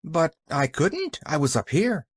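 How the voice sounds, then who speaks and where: Reader as an eager young girl, high, lively, bright-hearted. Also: measured pace, breathy edge, no room sound, exaggerated voice. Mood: earnest. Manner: eager, chattering. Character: cheerful, earnest little girl.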